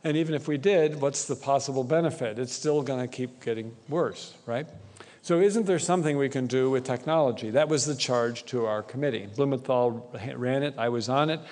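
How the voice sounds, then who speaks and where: Speaking a little fast at medium pitch, with a slightly mellow tone, a man delivers a conference talk in a casual style. The echoey hall recording captures him constantly checking in with "right?" after his points.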